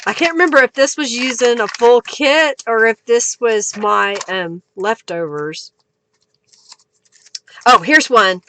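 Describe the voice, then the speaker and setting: High, bright-voiced woman chatting. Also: slow, a little hiss or hum. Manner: chatty, reading viewer comments, often breaking into laughter. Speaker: craft livestream host. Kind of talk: casual live chat. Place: home craft studio.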